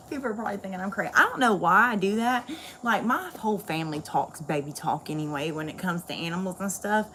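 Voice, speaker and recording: A woman's voice: medium pitch, lively intonation, fast talker, pushed and bright, slight background noise. Blunt, candid woman venting on a livestream. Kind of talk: casual livestream chat.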